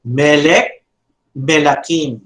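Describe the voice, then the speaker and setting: A middle-aged man, giving a lesson slowly, with frequent fillers and repeated drills. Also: on the high side, fairly bright tone. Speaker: teacher. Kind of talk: classroom lecture. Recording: echoey room.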